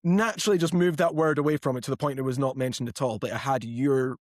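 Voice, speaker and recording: A man's voice: mid-range voice, fast talker, a little mellow, dry recording, clean studio sound. A man with an East Coast Scottish accent hosting a podcast interview, chatting in a friendly, rambling way with restarts. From Scotland. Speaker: podcast host. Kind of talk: casual interview chat.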